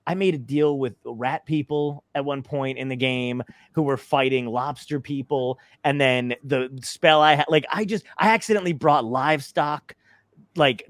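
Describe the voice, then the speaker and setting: A man hosting a casual comedy podcast, excitable and quick to laugh, with lots of swearing and restarts. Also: on the high side, no echo, clean studio sound. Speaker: podcast host.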